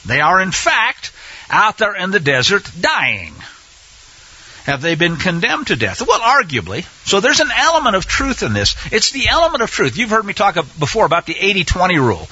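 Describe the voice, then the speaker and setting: A man's voice: high voice, bright, forceful tone, breathy edge, dry recording, highs cut off. A man teaching scripture in an emphatic way, repeating phrases and speaking directly to his listeners. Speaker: Bible teacher.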